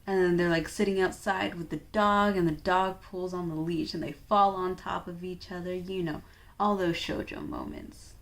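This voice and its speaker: A woman's voice: fairly low pitch, fairly even intonation, normal speed, creaky. A young woman casually recapping a manga she just read. She talks in a loose, chatty way, with plenty of fillers. She drops in wry, offhand asides as she goes. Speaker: manga reviewer.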